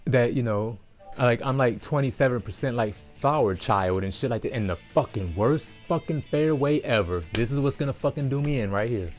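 A man's voice: mid-range voice, fairly quick, darkish tone, faint music behind. A man in his forties streaming a golf game, rambling and swearing heavily with frustrated outbursts. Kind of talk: casual chat while playing.

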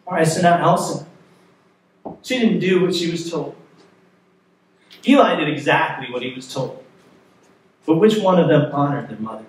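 A man preaching a sermon as pastor, telling a story in a conversational, lively way. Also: a little high, normal speed, long pauses. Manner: storytelling, animated in places, conversational. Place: church sanctuary. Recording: echoey sanctuary, mic far off.

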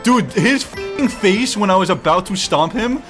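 A man giving excitable, joking let's-play commentary, swearing often and talking to the game as he plays. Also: sits high, a little slow. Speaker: gaming streamer. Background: game music.

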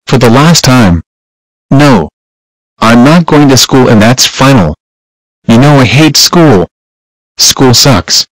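A man's voice: mid-range voice, animated, slow, long pauses, dry recording, poor audio. A man voicing a stubborn young male cartoon animal who defiantly refuses to go to school. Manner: whiny, defiant.

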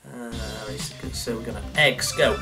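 A man playing a motion-control cooking game, out of breath, swearing and shouting at the controls as he commentates. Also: mid-range voice, fairly quick, vocal fry. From United Kingdom. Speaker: gaming YouTuber. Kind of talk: let's play commentary. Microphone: facecam with desk mic. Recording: game music playing behind the voice. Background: game music.

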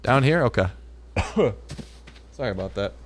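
A man's voice: mid-range voice, animated, measured pace, no echo. A man in his hyped, chatty let's-play commentary, often restarting phrases as he plays, recorded on a desktop microphone at home. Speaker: gaming YouTuber.

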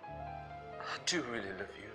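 A man's voice: on the low side, animated, music in the background. An actor playing a lovesick man declaring love, in a Nigerian accent. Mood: tender. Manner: slow, tender declarations.

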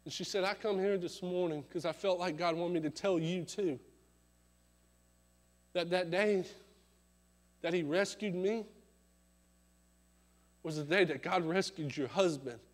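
A man preaching at a church revival service, telling a story dramatically, swelling loud and then dropping to a hush. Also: sits high, measured pace, pauses often. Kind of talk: sermon storytelling.

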